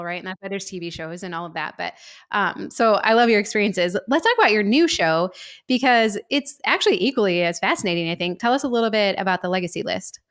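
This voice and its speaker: A woman's voice: mid-range voice, a bit bright. Woman, podcast host, interviewing, short encouraging replies, asks questions.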